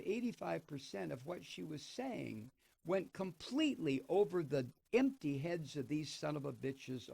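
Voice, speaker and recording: Gravelly guy ranting political radio talk, sarcastic and cursing, dry close mic. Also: on the high side, dry recording. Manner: sardonic, profane ranting. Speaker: radio talk show host. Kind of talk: political commentary, reading and remarking on an article.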